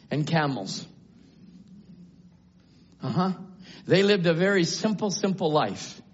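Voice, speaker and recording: Male preacher, high-pitched, shouting sermon in a church sanctuary, muffled recording. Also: breathy edge. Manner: swings from low musing to shouted exclamations.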